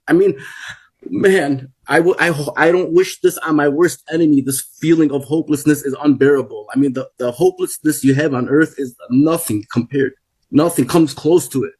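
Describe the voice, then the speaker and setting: Husky man in his forties, earnest. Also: a little high, a little mellow. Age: 40s. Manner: earnest and emphatic, repeating phrases for weight. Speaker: guest telling a personal testimony. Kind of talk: first-person testimony.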